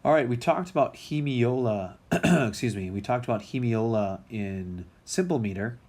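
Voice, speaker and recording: A man's voice: mid-range voice, lively intonation, normal speed, darkish tone. A man teaching music theory in a recorded lecture, talking casually with many ums and restarts.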